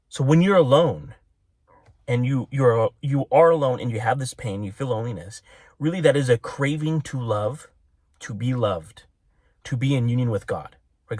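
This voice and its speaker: A man's voice: mid-range voice, dry recording, clean studio sound. Rambling man giving a spiritual talk. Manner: rambling, self-interrupting, laughs at own tangents. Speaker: religious video maker. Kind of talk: casual spiritual talk to camera.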